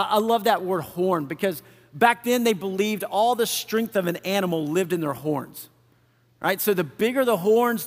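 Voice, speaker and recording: Guy preaching, pretty high voice, chatty and animated, big hall reverb. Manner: conversational, animated, acts out quoted figures. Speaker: pastor. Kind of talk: sermon.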